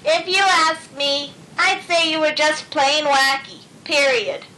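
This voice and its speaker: A woman voicing a shy, easily frightened female bunny in a storybook, talking in a high, pleading way. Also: takes it slowly, bright, forceful tone, slight background noise, heavily acted, low-quality recording. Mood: exasperated.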